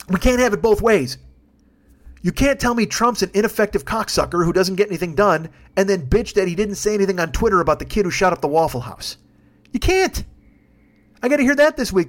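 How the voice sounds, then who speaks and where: A man in his fifties hosting a solo podcast, ranting bluntly and heatedly with constant swearing. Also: sits high. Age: 50s. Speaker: podcast host.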